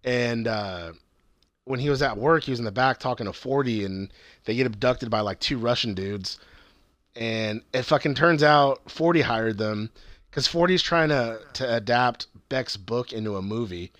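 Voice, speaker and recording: A man's voice: medium pitch, normal speed, a bit bright, dry recording. A young man casually recapping a TV series, rambling and swearing as he acts out the characters' lines. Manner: rambling, profane, acts out quotes.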